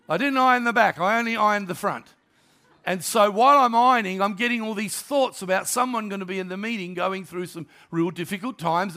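An older man preaching a storytelling sermon, voicing each person in his anecdotes and sinking into hushed moments. His voice sits high and bright. A gravelly edge runs through it. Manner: animated storyteller, acts out dialogue, drops to soft tones. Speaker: pastor.

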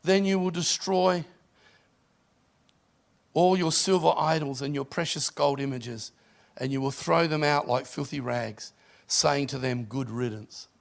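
A man's voice: medium pitch, measured pace, gravelly. A middle-aged man, a pastor, preaching a sermon and telling stories with rising emphasis.

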